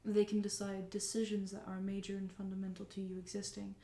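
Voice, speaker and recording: A woman voicing a quiet, floating male artificial assistant in a tabletop game, speaking softly and flatly. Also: medium pitch, brisk, echoey room, natural voice. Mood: calm. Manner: soft, flat, businesslike.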